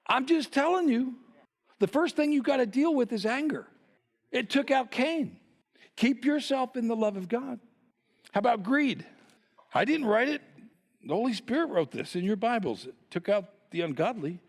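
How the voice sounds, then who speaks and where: A man's voice: extremely high pitch, animated, normal speed, long reverb tail. A male pastor preaching a sermon, teasing his congregation with playful rhetorical questions.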